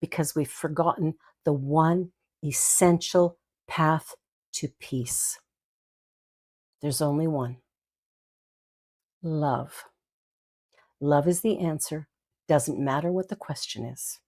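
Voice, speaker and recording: Older female minister-host, low-pitched, storytelling with laughs and asides. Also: takes it slowly, long pauses. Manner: warm storytelling with giggles and asides. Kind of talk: inspirational talk.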